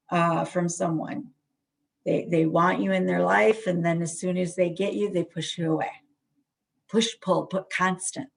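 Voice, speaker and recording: A woman's voice: on the low side, gravelly. A middle-aged woman therapist giving a presentation on trauma in a conversational way, full of fillers and restarts.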